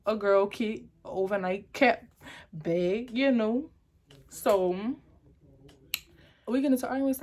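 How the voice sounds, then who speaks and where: Chatty young woman telling a story. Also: medium pitch. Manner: chatty, rambling, dramatic retelling. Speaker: vlogger. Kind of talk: storytime vlog.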